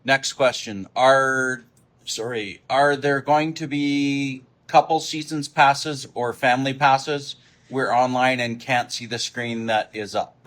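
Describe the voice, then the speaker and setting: A man asks questions at a meeting in a flat, even tone. He is plain and matter-of-fact and keeps to the point. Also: medium pitch, slow. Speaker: remote attendee relaying questions.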